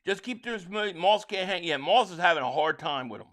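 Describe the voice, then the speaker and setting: Hosting a live football watch-along, a man from Philadelphia calls plays excitably, reads viewer chats, and stammers as he restarts. He has a high voice and talks a little fast, a fan running his own livestream.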